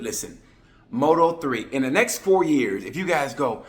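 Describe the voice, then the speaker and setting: A man from Oklahoma with an Oklahoma accent, giving a rambling, jokey race review with sudden loud bursts. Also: medium pitch, sing-song, moderate pace. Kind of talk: comedic sports commentary.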